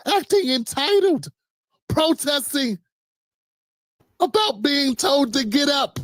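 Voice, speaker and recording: A man's voice: very high voice, sing-song, takes it slowly, fairly bright tone, no room sound, studio quality. A man hosting a live stream, giving sarcastic, joking commentary full of slang and stories.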